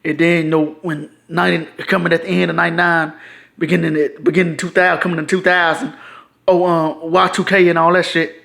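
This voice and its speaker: A man's voice: fairly high pitch, little pitch movement, fairly quick, creaky, a bit bright. A man, ranting casually and profanely to his own video channel, frustrated and repetitive. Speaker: YouTuber.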